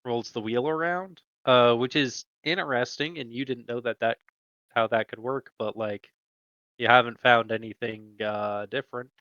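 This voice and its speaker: A man narrating a tabletop game as game master, slow and halting with many fillers. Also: medium pitch, fairly even intonation, sharp tone, no echo, highs cut off.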